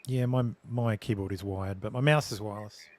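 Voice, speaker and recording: A man's voice: on the low side, steady tone, fairly quick, a little mellow. A man in casual livestream chat, joking and prone to tangents.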